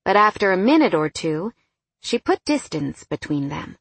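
A woman reading a novel aloud in an even, storytelling narration. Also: lowish voice, normal speed, creaky, husky, no room sound. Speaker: audiobook narrator. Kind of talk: scripted narration.

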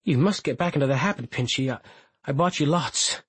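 A man's voice: a little fast, fairly bright tone, breathy edge, no room sound. A male audiobook narrator voicing a prickly, needy middle-aged mother in a raised, plaintive voice. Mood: reproachful. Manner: raised pitch, plaintive and reproachful. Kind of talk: audiobook character voice.

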